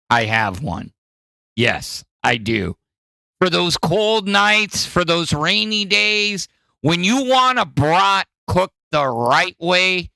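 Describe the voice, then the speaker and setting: A man from Wisconsin with a Midwestern accent, hosting a podcast and pitching gifts in a hyped salesman style. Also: creaky, bright, forceful tone, dry recording. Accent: Midwestern American. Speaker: podcast host. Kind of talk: casual chat, gift pitches.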